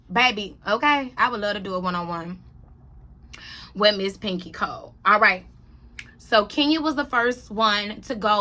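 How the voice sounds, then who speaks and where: A woman's voice: on the high side, bright, forceful tone. A woman hosting a casual reality TV recap, blunt and sassy, repeating lines for emphasis. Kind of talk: casual opinionated chat.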